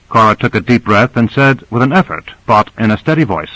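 A man reading a novel aloud in a measured, even narration. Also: mid-range voice, no room sound, poor audio. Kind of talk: scripted audiobook narration.

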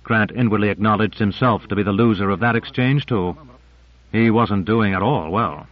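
A man reading a novel aloud in even, descriptive scripted narration. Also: lowish voice, moderate pace. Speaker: audiobook narrator. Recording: muffled lo-fi recording.

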